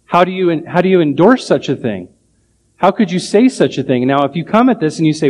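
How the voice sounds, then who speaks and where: Emphatic preacher man with a higher voice. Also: animated, a little fast, darkish tone. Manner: emphatic, rhetorical questions. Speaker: pastor. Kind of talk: sermon.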